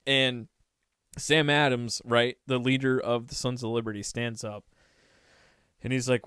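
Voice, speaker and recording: Smooth-voiced man co-hosting a podcast. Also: medium pitch, measured pace, pauses often, no echo, studio quality. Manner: animated, irreverent, swearing. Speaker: podcast co-host. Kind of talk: casual history podcast chat.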